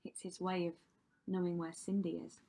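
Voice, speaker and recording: A woman's voice: lowish voice, little pitch movement, normal speed, gravelly, dark tone, breathy edge. A woman teacher reading a rhyming story aloud to children with dramatic delivery, often dropping to a whisper. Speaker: primary school teacher.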